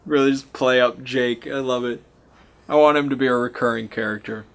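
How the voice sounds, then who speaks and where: His voice sits mid-range, steady and creaky yet fairly bright, moving at a brisk clip. Recounting the tabletop game he ran, the game master wanders and cuts himself off, frequently unable to recall names.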